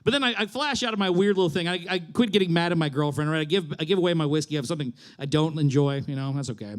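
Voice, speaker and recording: A young man from Reno, Nevada, performs stand-up on a theater stage. He rambles in a wry, self-deprecating way, and his voice sits fairly high. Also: racing. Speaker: stand-up comedian. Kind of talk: stand-up comedy set. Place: theater stage with live audience.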